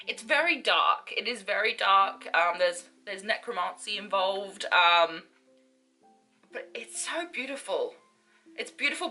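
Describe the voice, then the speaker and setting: A woman's voice: medium pitch, bright, forceful tone. A young woman chatting casually and enthusiastically about books she read, with frequent fillers. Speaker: book vlogger. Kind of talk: casual reading wrap-up chat.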